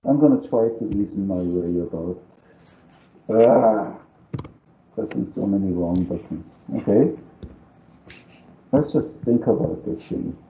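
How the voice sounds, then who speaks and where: A man's voice: on the low side, expressive, takes it slowly, long pauses, mellow, slight background noise. A man with a non-native English accent teaching a live calculus lecture, thinking aloud as he works and coaxing students to agree with him. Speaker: math teacher. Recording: roomy, dull lo-fi sound.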